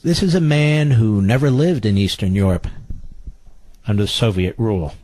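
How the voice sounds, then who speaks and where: A man's voice: fairly low pitch, moderate pace, darkish tone. A middle-aged man hosting political talk radio, indignant and repeating phrases for emphasis. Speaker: radio talk show host.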